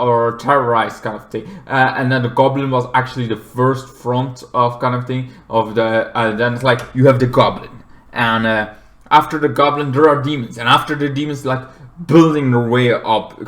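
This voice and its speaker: A man giving a casual, rambling movie review, full of fillers and restarts. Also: a bit bright. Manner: rambling, with fillers and squeaky exaggerated quote voices.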